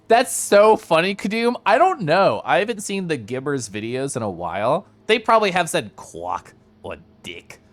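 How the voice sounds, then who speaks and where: Young guy streaming, lively voice that jumps around a lot, laughs a bunch and just keeps monologuing to chat. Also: on the high side, normal speed, few pauses. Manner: animated, laughs often, talks to chat in a flowing monologue. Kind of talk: casual live-stream chat while gaming.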